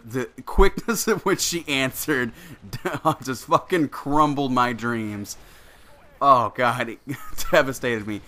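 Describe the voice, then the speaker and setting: A man's voice: mid-range voice, a bit bright. Rambling, laughing man in his twenties. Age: 20s. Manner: rambling, swears freely, laughs often. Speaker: show host. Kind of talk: casual storytelling monologue.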